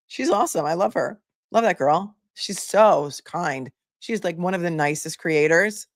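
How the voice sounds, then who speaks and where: A woman's voice: deep voice, fairly quick, no room sound, clean studio sound. A woman in her forties hosting a casual livestream, chatting and reading viewer comments aloud. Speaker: legal commentary livestream host.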